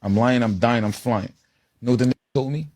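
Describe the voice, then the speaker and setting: A man's voice: mid-range voice, fast, darkish tone. A man casually telling a loose, boastful street story in an interview clip.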